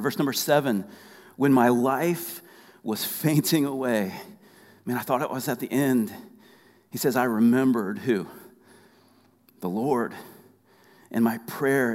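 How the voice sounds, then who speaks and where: A man's voice: medium pitch, a little mellow, in a large hall. A man preaching a sermon, asking his listeners to finish his sentences and often repeating key phrases. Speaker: pastor.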